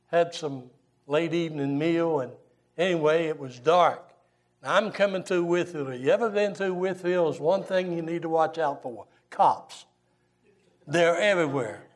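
Older man, preacher, sermon, folksy storytelling, fairly high voice. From Southern US. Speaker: pastor.

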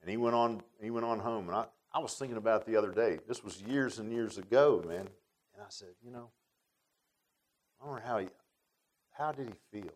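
A man preaching a sermon and telling a childhood story, folksy, moving between loud and hushed. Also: fairly low pitch, fairly quick, long pauses, low-quality recording.

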